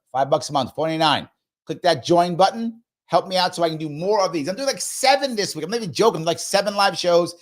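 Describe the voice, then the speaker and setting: A man hosts a live stream in a loose, chatty way, reading comments and jokingly nagging his audience. His voice sits a little high and leaps up and down with animated energy. He repeats lines for comic effect. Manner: playful, pleading, repeats himself for effect. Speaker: livestream show host.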